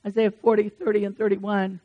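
A woman's voice: mid-range voice, little pitch movement, a little fast, narrow, tinny audio. A woman preaching a conversational sermon in an earnest, encouraging and folksy way, with asides to her congregation.

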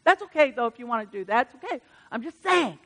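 A woman preaching a sermon in church. She swings from hushed asides to loud, emphatic bursts. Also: fairly high pitch, sing-song, fast talker. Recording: reverberant church hall.

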